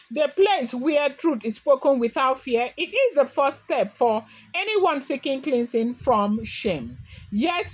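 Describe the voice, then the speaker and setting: A woman hosting a gossip channel, telling a story to viewers in an unscripted way with many fillers and self-corrections. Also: sits high. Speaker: celebrity gossip channel host.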